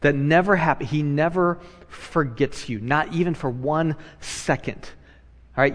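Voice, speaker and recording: A man, a pastor, preaching a sermon in a conversational way, moving between hushed and loud animated passages and repeating phrases for emphasis. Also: a little high, normal speed, big-room sound.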